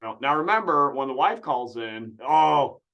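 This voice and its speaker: A man's voice: mid-range voice, sing-song, moderate pace, highs cut off. A man giving sarcastic, incredulous reaction commentary on a call-in clip.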